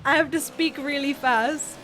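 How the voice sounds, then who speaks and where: A young woman from near Birmingham with a softened Birmingham accent, chatting fast and a bit mumbly as she co-commentates a game stream. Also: high-pitched, steady tone. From England, near Birmingham. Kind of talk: casual chat over gameplay.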